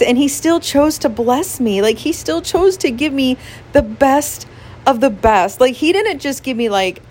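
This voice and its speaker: A pastor's wife giving a casual, earnest devotional talk to listeners, emotional and quick to laugh, with many "like" fillers. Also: female voice, a little high, darkish tone, a little hiss or hum.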